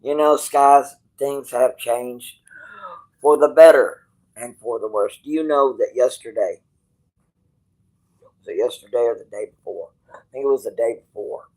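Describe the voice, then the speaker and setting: A man livestreaming from a hospital bed, rambling bluntly and with swearing, going from quiet musing to loud, stubborn outbursts. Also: mid-range voice, a little slow, pauses often, poor audio. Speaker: streamer.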